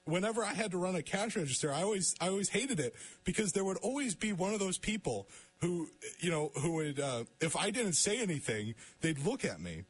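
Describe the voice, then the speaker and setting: A young man hosts a casual radio talk show. His voice is slightly husky and a touch high. It rises and falls a lot as he stumbles through restarts. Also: very animated. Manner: halting, many restarts, laughs often.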